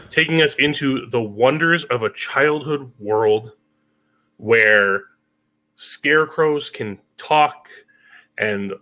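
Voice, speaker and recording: A man's voice: mid-range voice, pushed and bright. A man co-hosting a podcast, talking about films in a casual, thoughtful way. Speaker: podcast co-host. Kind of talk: casual film discussion.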